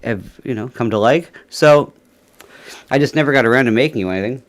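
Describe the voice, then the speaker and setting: A man's voice: medium pitch, a little fast. A man hosting a casual livestream, rambling with many fillers and little chuckles. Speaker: livestream host. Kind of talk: casual chat.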